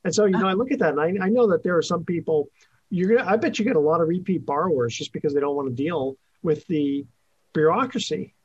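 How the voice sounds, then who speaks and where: A man's voice: a little high, fast, breathy edge, dull audio. A man hosting a radio interview show, chatty and rambling with lots of fillers.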